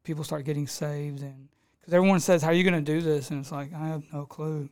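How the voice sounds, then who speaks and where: A man's voice: on the high side, steady tone, fast, a little mellow, clean tone. A man, a pastor recounting how he came to plant his church, acting out the people he quotes. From Texas. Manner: storytelling, acts out quoted people, laughs easily. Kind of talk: telling his story in a casual interview.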